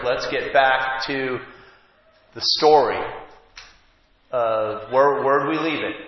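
A man preaching a sermon, telling the story conversationally and swinging between loud emphasis and hushed asides. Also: medium pitch. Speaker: pastor. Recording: echoey hall, dull sound.

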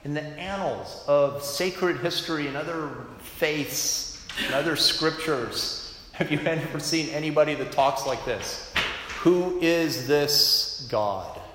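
A man preaching a sermon with emphatic delivery that swings from loud to hushed. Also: on the high side, slow. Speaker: pastor. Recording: echoey hall, faint room noise.

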